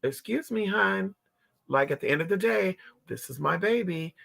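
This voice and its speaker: A man's voice: animated, moderate pace, creaky, a bit bright. A man talking to his viewers in a brash, profane, dramatic way, acting out the people and dogs in his story. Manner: swings between high squeals and low mutters. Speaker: livestream host.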